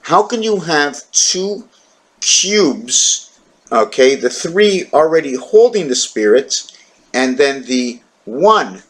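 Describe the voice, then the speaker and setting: A man's voice: on the high side, big pitch swings, slow, fairly bright tone, low-quality recording. Rambling middle-aged man with a stuffy nose. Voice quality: nasal, blocked nose. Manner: wandering, musing, jumps between numbers, religion and jokes, talks to his cat. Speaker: solo video talker. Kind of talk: rambling monologue to camera.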